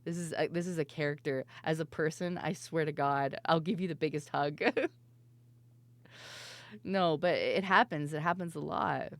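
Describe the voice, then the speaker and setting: A woman streamer telling stories in casual chat, her voice worn and hoarse, laughing often and swearing freely. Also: low-pitched, moderate pace. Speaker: VTuber streamer.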